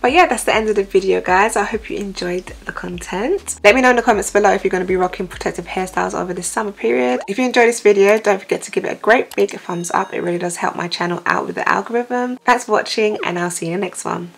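A woman's voice: mid-range voice, fast talker, creaky, few pauses, slightly rough. A young woman chatting casually through a hair tutorial, talking into a phone at home. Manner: relaxed, chatty, step-by-step. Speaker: hair vlogger.

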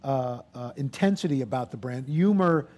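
A man of sixty, a guest speaker telling lively anecdotes on stage in front of an audience, acting out the voices of the people in his stories. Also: medium pitch, normal speed, lo-fi sound. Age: 60s. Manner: lively storyteller, acts out quotes. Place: event hall with audience.

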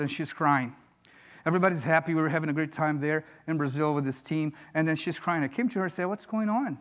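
A man preaching a sermon as a pastor in a church, earnest and emphatic, building to questions. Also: sits high. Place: church sanctuary.

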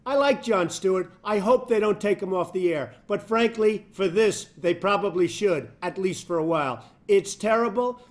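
A man delivers a scripted commentary in an indignant tone. His voice sits high for a man, and he doubles up words to hammer a point home. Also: normal speed, few pauses. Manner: indignant, repeats words for emphasis. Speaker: political commentator.

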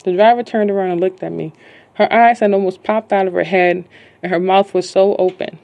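A woman reading her own novel aloud in a casual, halting way, stopping to correct herself when she stumbles. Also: medium pitch, steady tone, creaky, dull audio.

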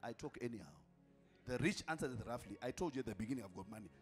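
A man's voice: medium pitch, animated, very fast, soft background music. Emphatic preacher man. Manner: emphatic, calls out to the congregation, repeats lines for effect, at times shouting. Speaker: apostle preaching. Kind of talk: sermon.

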